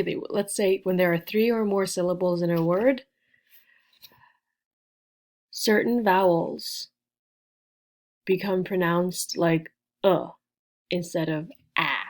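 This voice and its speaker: A woman leads a beginner English lesson at a deliberately unhurried pace. She spells words letter by letter and repeats them with careful, exaggerated clarity, in a voice of ordinary middle pitch. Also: a little mellow. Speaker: English teacher.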